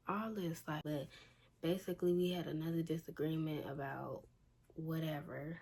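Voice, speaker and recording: A woman's voice: low-pitched, moderate pace, gravelly, dark tone, husky. A young woman telling a storytime in a blunt, exasperated, slangy way. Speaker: vlogger. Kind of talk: casual storytime. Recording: faint background noise.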